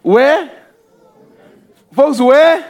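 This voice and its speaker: A male preacher delivering an impassioned sermon, often shouting and crying out hallelujah as he acts out the voices in his stories. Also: extremely high pitch, drawn-out words. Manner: acts out quoted voices while storytelling. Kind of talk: fervent sermon.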